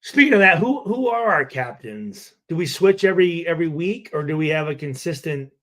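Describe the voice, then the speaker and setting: A man's voice: a little high, animated, a little fast, fairly bright tone. A middle-aged man hosting a casual livestream, telling stories with lots of swearing and laughter. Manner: profane, laughing storyteller. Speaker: livestream host, former player.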